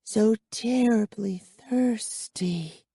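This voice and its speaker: A man voicing a thirsty, teasing vampire girl in an audiobook, with a slow, breathy hiss. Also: sits high, warm tone, no echo, studio quality, pitched above the performer's own voice, full character voice. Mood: hungry hiss. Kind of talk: audiobook character voice.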